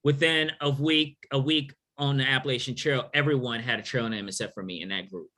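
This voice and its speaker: Man, middle-aged, from New York City, bright clear tone, animated, joking storyteller. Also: medium pitch, fairly quick. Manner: animated, joking, acts out quoted voices. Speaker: author and thru-hiker guest. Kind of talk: casual storytelling Q&A.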